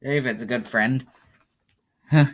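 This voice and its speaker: A man's voice: mid-range voice, a little slow. A man giving casual commentary on a web game, rambling and mocking himself, often breaking into laughter. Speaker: YouTuber playing a web game.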